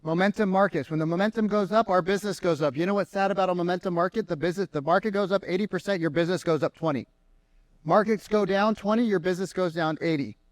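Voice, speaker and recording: A man giving an energetic sales seminar to a live room, firing questions at the crowd. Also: sits high, fast, no room sound. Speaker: sales trainer. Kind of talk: live seminar talk to an audience. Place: meeting room with an audience.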